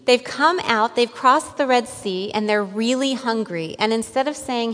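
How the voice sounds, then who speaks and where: A woman's voice: fairly high pitch, animated, moderate pace, hardly any pauses, a bit bright. Woman pastor, conversational sermon, quizzes the pews, long hall echo.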